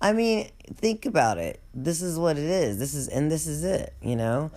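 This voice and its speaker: A storyteller recounting a comic memory, profane and rambling, with drawn-out asides. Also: medium pitch, very animated, a little mellow.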